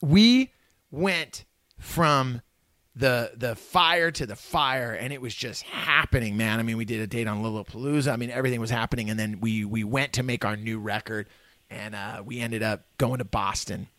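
This middle-aged man from Northern California has a mid-range voice and speaks at a moderate pace, with no room sound. As a guest in a casual conversation, he tells stories in an animated, profane way, swearing freely and acting out what people said.

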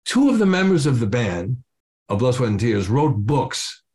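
An older drummer being interviewed tells a story with lots of acted-out quotes and casual swearing. His mid-range voice is very animated and a little mellow, at a moderate pace.

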